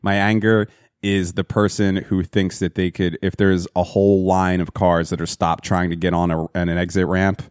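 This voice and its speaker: A man with a low voice, chatting crudely and swearing as he rambles through his stories. The sound is dry and close, with no room around it. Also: level tone, moderate pace, darkish tone, clean tone, no echo. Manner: rambling, profane storyteller, laughs at own jokes. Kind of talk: crude casual chat.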